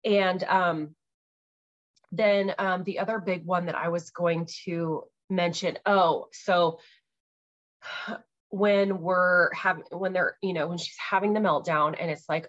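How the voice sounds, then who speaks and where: A woman's voice: lowish voice, steady tone, slow pace, fairly bright tone, dull audio. A woman in her thirties hosting a podcast, chatting casually about parenting with lots of ums and likes. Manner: chatty, many ums and likes, laughs easily. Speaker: podcast host.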